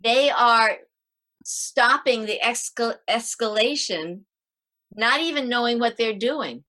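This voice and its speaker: A middle-aged woman on a video call, giving parenting advice in a lively interview and acting out her tips with sighs. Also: on the high side, slow pace. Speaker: parenting author guest. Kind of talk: animated interview talk.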